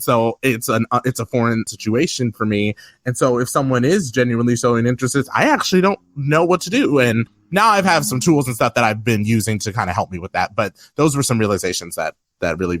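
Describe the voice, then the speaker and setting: A man's voice: mid-range voice, fairly bright tone, dry recording. A man talking candidly as a podcast guest, reflecting on his family and healing, emotional at times. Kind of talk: emotional personal conversation.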